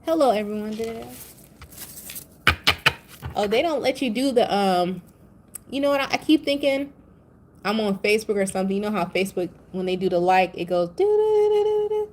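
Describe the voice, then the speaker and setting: A woman's voice: mid-range voice, fast talker, darkish tone. A woman giving a casual tarot reading, blunt, profane and chatty, drifting into playful tangents. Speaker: tarot reader. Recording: faint background noise.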